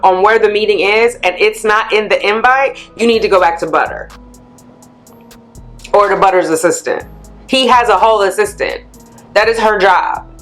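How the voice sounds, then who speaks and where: A woman vlogger chatting candidly to camera, a blunt and animated storyteller letting off steam. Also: mid-range voice. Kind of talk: candid vlog chat.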